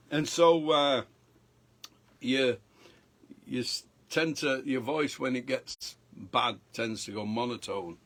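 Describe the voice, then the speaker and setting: A man hosting a live stream from home, chatting casually between songs in a halting way with many pauses, his voice strained after a chest infection. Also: medium pitch, a bit bright. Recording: guitar sounding under the voice.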